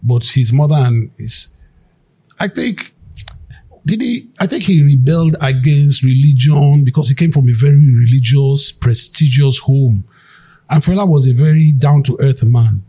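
A man's voice: mid-range voice, measured pace, slightly rough. A Nigerian man, a musician, recounting his past in an interview and acting out the people he quotes. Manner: animated, acts out quotes. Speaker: guest musician. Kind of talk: storytelling interview.

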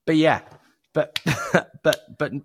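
A man's voice: fairly high pitch, slow pace, husky, no echo, clean studio sound. A man co-hosting a podcast, talking casually, laughing often and acting out quoted voices. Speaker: podcast co-host. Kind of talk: casual sales podcast chat.

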